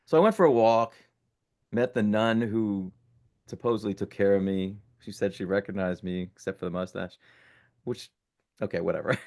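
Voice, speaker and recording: Deep gravelly man in his sixties. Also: moderate pace. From born in Italy, raised in the United States. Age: 60s. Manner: animated, self-correcting storyteller. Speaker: podcast guest. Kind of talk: casual storytelling interview.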